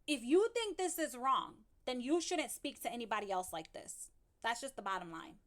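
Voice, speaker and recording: A woman's voice: high voice, very animated, moderate pace. A woman hosting a commentary channel, scolding and sarcastically answering the clips she reacts to. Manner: scolding, sarcastic, addresses the clip directly.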